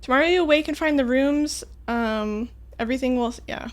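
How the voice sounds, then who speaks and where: A woman's voice: high-pitched, a little fast. A woman streaming a puzzle game, chatting casually and joking at her own expense as she plays. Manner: chatty, self-mocking, talks to herself. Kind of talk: casual gameplay commentary.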